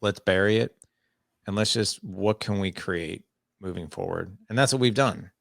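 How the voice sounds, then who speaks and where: A man with a very deep voice and a gravelly, fry-laden texture tells a personal story in earnest, animated bursts, acting out old conversations. The sound is dry and close, with no room around it. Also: moderate pace, dry recording. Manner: earnest, animated storytelling with frequent "I was like" quotes. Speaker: podcast guest. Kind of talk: candid storytelling interview.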